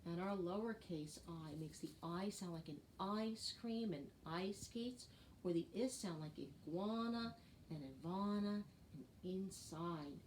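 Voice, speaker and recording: A woman's voice: on the low side, a little slow, a little mellow, slight background noise. Sing-song preschool teacher woman. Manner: sing-song, encouraging, asks children questions. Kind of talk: children's alphabet lesson with chanting.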